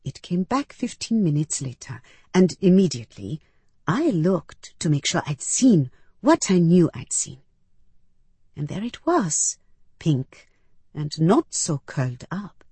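A woman narrates a first-person story at a very slow, careful pace. Her voice is slightly low and a little husky. She is recorded on a close studio mic in a dry, dead space. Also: big pitch swings, warm tone, no room sound. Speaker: audiobook narrator.

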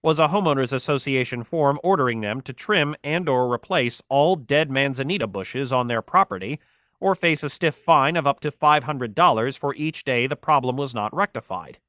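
Guy reading an audiobook, steady n measured, crisp bright tone, dead dry room. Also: mid-range voice, no room sound. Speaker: audiobook narrator. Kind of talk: scripted narration.

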